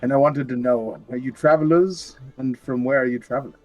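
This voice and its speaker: A man's voice: mid-range voice, steady tone, a little fast, darkish tone, no room sound, soft background music, low-quality recording. A man playing a tabletop game, speaking in a formal, stilted way as his character. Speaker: player. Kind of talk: in-character tabletop role-play.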